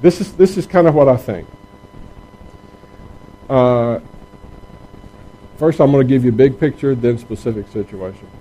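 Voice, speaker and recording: A man's voice: mid-range voice, unhurried, pauses often, warm tone, a little hiss or hum, rough recording. A middle-aged man, speaking earnestly and conversationally to parents in a question-and-answer talk, often restarting his phrases. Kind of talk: informal talk with audience questions.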